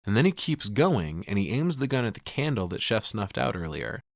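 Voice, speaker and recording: A man's voice: fairly low pitch, very animated, fairly quick, creaky, no echo, clean studio sound. Schunnig vertellende man met lage stem. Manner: profane, retells scenes acting out lines. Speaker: podcast host. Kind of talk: casual film recap with acted quotes.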